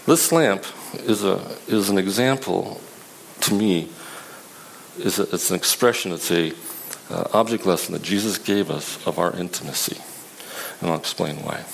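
Halting, low-voiced male preacher. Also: creaky, slight background noise, poor audio. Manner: conversational, halting with restarts. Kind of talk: sermon.

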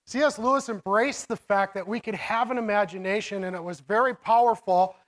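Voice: medium pitch, normal speed, pauses often, poor audio. Preacher rambling thru a sermon, lots of um's and restarts, laughs a lot. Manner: rambling, many restarts and fillers, laughs often. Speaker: preacher teaching about the children's ministry.

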